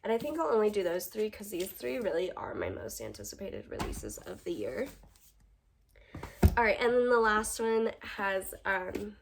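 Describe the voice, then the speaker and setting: A woman's voice: mid-range voice, wildly swooping pitch, normal speed, gravelly, noisy background. A young woman, a teacher, chatting casually about her book haul in a gushing, chatty way with lots of ums and likes, at home under a ring light.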